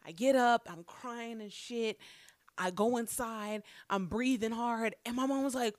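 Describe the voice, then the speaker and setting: A young woman telling a childhood story in a casual, animated way. She swears freely and acts out the lines people said. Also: fairly high pitch, moderate pace, no room sound, studio quality. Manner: animated, profane, acts out quotes.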